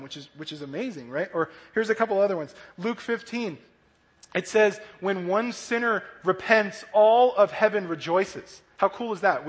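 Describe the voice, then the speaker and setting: Animated young-sounding male preacher, hall echo. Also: high-pitched. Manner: animated, asks "right?" often, acts out voices. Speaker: children's church pastor. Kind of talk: lively kids' sermon. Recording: long hall reverb.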